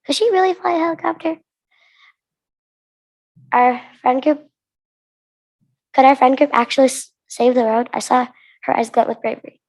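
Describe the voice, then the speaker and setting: A woman's voice: high voice, moderate pace, gravelly, long pauses, darkish tone. Young woman reading her story aloud. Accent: American. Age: teens. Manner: earnest reading with restarts. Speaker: student reader.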